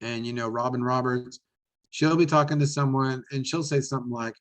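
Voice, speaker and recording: A man presenting a business webinar, animated and enthusiastic, often repeating words as he talks. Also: medium pitch, a little fast, poor audio.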